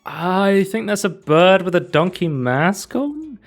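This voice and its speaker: A man's voice: high-pitched, big pitch swings, slow, soft background music. Casual guy rambling on about games, lots of likes and ums, chill podcast chat. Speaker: podcast co-host.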